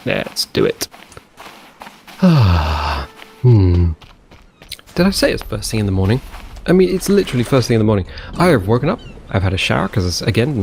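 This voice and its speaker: Gravelly, lively gaming commentator. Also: male voice, fairly low pitch, a little hiss or hum. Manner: rambling, chatty, talks to himself as he plays. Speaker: gaming channel host. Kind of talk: casual let's play commentary.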